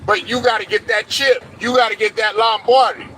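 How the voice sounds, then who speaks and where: A man's voice: high-pitched, fairly even intonation, a little fast, pushed and bright, rough recording. A man hosting a sports show, delivering a blunt, profane, preachy rant with faint traffic noise around him. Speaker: sports commentary host.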